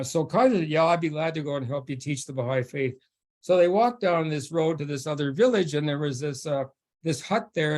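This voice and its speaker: A man speaking as a guest at a faith forum, telling a story in a halting way with many restarts and frequent laughter. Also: mid-range voice, a little mellow. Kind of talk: storytelling talk.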